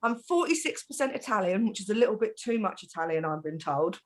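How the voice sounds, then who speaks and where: A middle-aged woman from Britain, chatting in a group and telling family stories in an animated way, laughing often. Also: mid-range voice, brisk. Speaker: panel host. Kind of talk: casual group chat.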